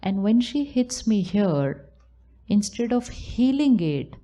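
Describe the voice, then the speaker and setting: A woman's voice: mid-range voice, very animated, slow, warm tone. A woman giving a spiritual talk to a live audience at a retreat center, acting out hurt inner thoughts in quoted asides. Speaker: spiritual teacher.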